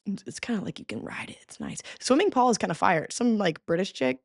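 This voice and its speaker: A woman's voice: medium pitch, animated, fast, a little mellow, no echo, studio quality. A young woman hosting a casual solo podcast, playful and dramatic, humming bits of songs. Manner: playful, dramatic, hums and sings along to songs. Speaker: podcast host.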